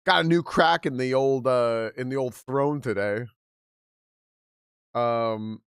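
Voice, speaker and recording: A man's voice: medium pitch, slow, pauses often, a bit bright, clean tone, no echo, clean studio sound. A young man hosting a livestream, reading a post aloud and reacting in casual chat, laughing often and restarting his sentences. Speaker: livestream host.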